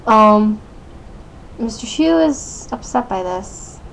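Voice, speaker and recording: A woman's voice: a little high, expressive, slow, gravelly, slight background noise, poor audio. A teenage girl recapping a TV episode into her webcam, chatty and rambling, full of "like" and "um", giggling often. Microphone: built-in webcam mic.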